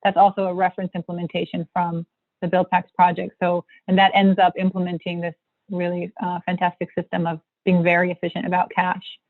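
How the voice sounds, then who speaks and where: A woman's voice: on the low side, monotone, fairly quick, no room sound. A woman guest presenting a technical topic on a livestream video call, talking in a rambling way with many fillers and restarts. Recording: tinny phone-like line.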